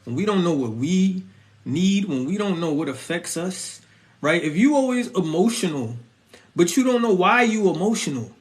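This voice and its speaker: This Christian vlogger has a high voice and talks at an ordinary speed. The young man delivers a loose, slang-filled sermon on faith and relationships, animated and chatty, repeatedly checking whether listeners feel him.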